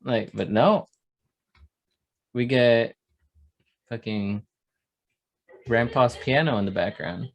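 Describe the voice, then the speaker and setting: A man's voice: mid-range voice, takes it slowly, vocal fry, long pauses, highs cut off. A young man co-hosting a gaming podcast, laid-back and wry, swearing casually. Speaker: podcast co-host. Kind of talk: casual chat.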